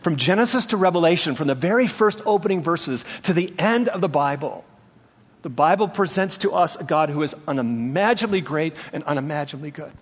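Male pastor, mid-high voice, emphatic sermon delivery, church-hall reverb. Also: lively intonation, fairly quick. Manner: earnest, emphatic preaching with rhetorical questions. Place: church sanctuary.

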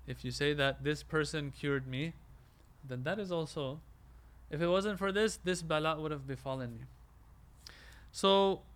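A man giving a religious lecture, explaining step by step, asking questions and answering them himself, and reciting Arabic quotations quickly. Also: a little high, fairly bright tone. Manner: explanatory, asks and answers his own questions.

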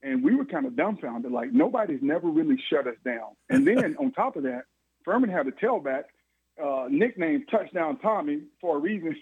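A man, a former football player telling animated stories in an interview, chuckling often. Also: on the high side, normal speed, breathy edge, no room sound. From Georgia, USA. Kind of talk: storytelling interview. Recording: phone-like line, dry.

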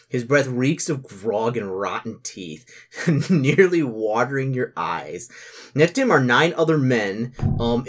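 A young man narrating as game master in a tabletop game, halting and full of fillers. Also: medium pitch. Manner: halting, many fillers and restarts.

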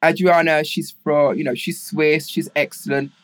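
A man's voice: a little high, moderate pace. A middle-aged man with a London accent, telling long rambling stories about his life in a casual interview, full of fillers. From England. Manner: rambling, animated storyteller with many fillers. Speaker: guest.

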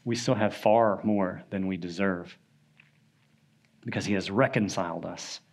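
A man, his voice sitting a little low, leads a Sunday school class in a church classroom. He talks in a loose, conversational way, reads scripture aloud, and keeps checking in with the group. When he tells a story, his delivery turns lively. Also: unhurried. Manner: conversational, often asks "right?", animated when telling a story. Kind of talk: casual Bible lesson.

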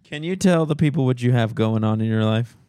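A man's voice: mid-range voice, brisk, mellow, smooth, no echo, clean studio sound. Teasing man co-hosting a podcast. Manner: teasing, sarcastic. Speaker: podcast co-host and editor. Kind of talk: casual podcast banter.

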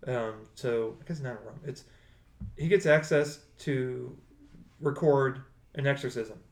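Man, mid-pitch, casual rambly co-host, roomy echo on the track. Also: takes it slowly. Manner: rambling, self-correcting. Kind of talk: casual chat.

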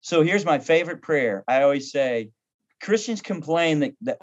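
A man in his fifties, a pastor and counselor, tells stories on a podcast in a conversational way, speaking at medium pitch and a moderate pace. He is humorous and animated, acting out the voices of the people he quotes. The audio is dull and lo-fi.

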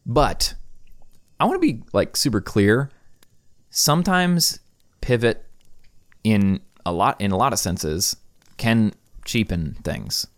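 Casual low-voiced man hosting solo podcast. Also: big pitch swings, takes it slowly, pauses often, no room sound. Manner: casual, rambling, many fillers. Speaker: podcast host. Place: room in his house. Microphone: studio microphone.

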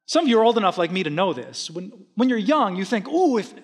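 A middle-aged man preaching a sermon, lively, casual and joking with his listeners. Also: high-pitched, fast. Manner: energetic, conversational, humorous. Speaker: pastor.

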